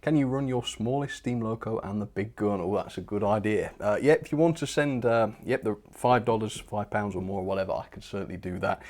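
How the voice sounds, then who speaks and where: A man's voice: fairly low pitch, a little fast, hardly any pauses, a little mellow. A young man hosting a model railway live stream, chatting cheerfully and thanking viewers, with fillers and little laughs. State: a bit out of breath.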